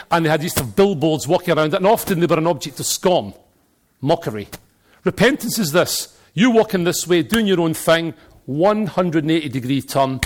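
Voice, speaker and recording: A middle-aged man with a Glaswegian accent preaching a sermon, telling animated stories and jokes and now and then breaking into shouts. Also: on the high side.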